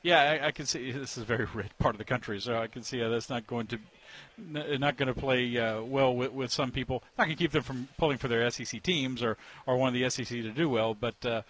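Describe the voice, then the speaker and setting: A man talking as a sports columnist in a relaxed conversation, offering candid opinions. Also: mid-range voice, quick pace. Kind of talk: casual conversation as a guest.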